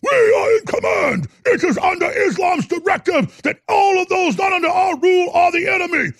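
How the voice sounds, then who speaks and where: A gloating male villain bellows in a strained, high voice, as a ranting host puts him on mockingly. The delivery is loud and bombastic, with a raspy, gravelly edge. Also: expressive, moderate pace, heavily acted. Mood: gloating shout.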